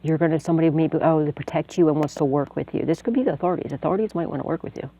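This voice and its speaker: Gravelly, dark-voiced woman, profane and rambling. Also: sits low, rapid-fire, low-quality recording. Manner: profane, rambling storytelling with many fillers. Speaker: tarot reader, channel host. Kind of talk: casual monologue and tarot reading.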